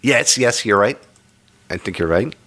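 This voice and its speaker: A man's voice: mid-range voice, lively intonation, unhurried, a bit bright. A man hosting a casual chat podcast, rambling and joking, amused by his own stories. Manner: rambling, jokey, self-amused. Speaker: podcast host.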